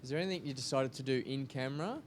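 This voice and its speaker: Quick-talking man asking from the audience. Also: medium pitch, a little hiss or hum. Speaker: audience member asking a question.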